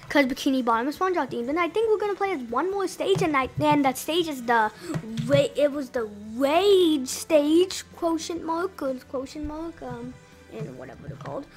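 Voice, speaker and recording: A woman giving casual, rambling gameplay commentary, excitable and full of restarts and exclamations. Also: high-pitched, moderate pace, soft background music. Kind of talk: casual let's-play commentary.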